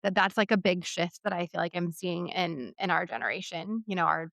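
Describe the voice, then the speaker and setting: A woman's voice: lowish voice, fairly quick, vocal fry, fairly bright tone, no echo. A woman in her thirties hosting a podcast, talking in a candid, conversational way with lots of fillers. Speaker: podcast host. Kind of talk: casual interview chat.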